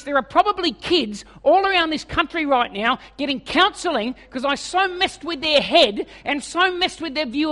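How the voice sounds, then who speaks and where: A man's voice: very high voice, pushed and bright, in a large hall. An Australian man in his forties preaching a sermon as a humorous, self-mocking storyteller. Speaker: evangelist preacher.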